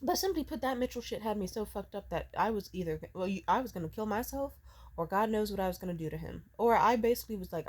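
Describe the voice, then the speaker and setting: A woman's voice: medium pitch, lively intonation, fast. A woman in her twenties venting in a rambling, profanity-heavy personal rant. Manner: profane, rambling, emotionally charged. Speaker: vlogger. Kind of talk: ranting personal vent.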